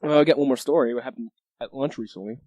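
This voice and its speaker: A man's voice: medium pitch, fast, darkish tone, highs cut off. A teenage man co-hosting a casual podcast, giggling, echoing his friend and cracking crude jokes. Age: teens. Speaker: podcast co-host. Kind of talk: casual chat.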